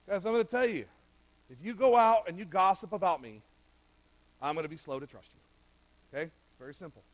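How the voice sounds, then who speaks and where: A man's voice: sits high, a little fast, low-quality recording. A middle-aged man preaching a sermon in a conversational, direct way, speaking straight to the men in the room. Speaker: pastor. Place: church sanctuary.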